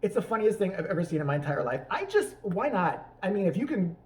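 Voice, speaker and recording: A woman's voice: medium pitch, big pitch swings, quick pace, darkish tone. A woman hosting a vlog, delivering a brash, profane comedic rant. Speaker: vlog host. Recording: voice picked up from a distance.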